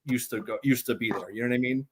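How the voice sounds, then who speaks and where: A man's voice: medium pitch, quick pace, breathy edge. A man co-hosting a casual commentary show, agreeable and backing up his co-host. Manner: agreeable, chuckling, backs up the other host. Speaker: podcast co-host.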